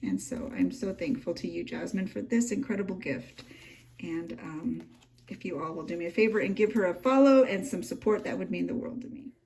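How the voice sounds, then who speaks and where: Soft-spoken, gushing woman. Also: fairly low pitch, a little fast, creaky. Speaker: journaling vlogger. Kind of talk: casual flip-through vlog. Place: home room.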